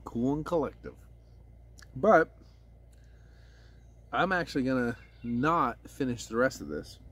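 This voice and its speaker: A man's voice: mid-range voice, breathy edge. Rambling, swearing man reviewing beer. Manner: rambling, profane, self-correcting. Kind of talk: casual beer review vlog.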